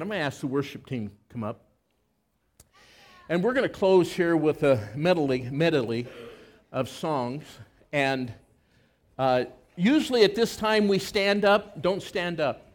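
Un pastore con voce alta e molto espressiva racconta una storia in chiesa, lentamente e con teatralità. Mima le scene mentre parla e poi passa alla preghiera. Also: male voice, fairly high pitch, lively intonation, measured pace. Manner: dramatic, acts out the scenes. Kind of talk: storytelling sermon. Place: church service.

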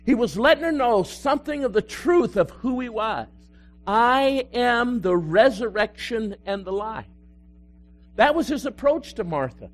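Man, pastor, sermon, high-pitched, loud-then-hushed delivery. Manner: dynamic preaching, swinging between loud emphasis and hushed tones.

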